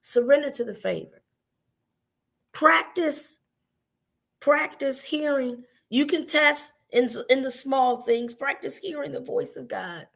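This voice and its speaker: A woman's voice: mid-range voice, vocal fry. A middle-aged woman minister giving a devotional teaching, earnest and personal, repeating key phrases for emphasis. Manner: tells personal stories to the listener.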